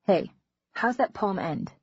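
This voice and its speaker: A woman's voice: medium pitch, animated, slow pace, a little mellow, breathy edge, no room sound, heavily acted. A woman reading a confident, teasing teenage boy. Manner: easy, teasing. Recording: dull lo-fi recording.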